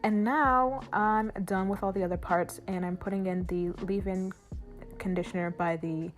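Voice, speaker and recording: A woman's voice: medium pitch, fairly even intonation, normal speed, soft background music. Easygoing woman explaining her hair routine. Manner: easygoing, walking through each step. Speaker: hair vlogger. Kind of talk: casual how-to vlog narration. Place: bathroom shower.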